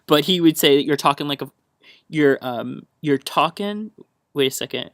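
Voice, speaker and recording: A man's voice: on the high side, expressive, normal speed, fairly bright tone, no echo, studio quality. A young man from the American South rambles on a solo podcast, chatty and hyper on a caffeine buzz. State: wired on caffeine. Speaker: podcast host.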